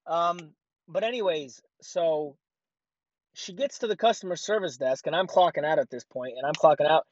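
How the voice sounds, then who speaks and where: A man's voice: fairly high pitch, lively intonation, a little fast, no room sound. Guy venting about work, rambly and sarcastic, muffled dry audio. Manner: rambling, sarcastic, many fillers. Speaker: grocery store worker. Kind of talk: casual rant.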